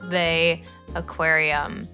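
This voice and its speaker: A woman's voice: low voice, flat delivery, extremely slow, sharp tone, faint music behind. A woman co-hosting a podcast in casual chat, laughing often between her remarks. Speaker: podcast co-host.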